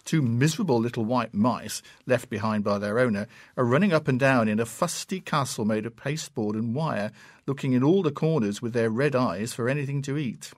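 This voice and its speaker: A man reading classic fiction aloud in a measured, unhurried and expressive way. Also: medium pitch, no echo. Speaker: narrator.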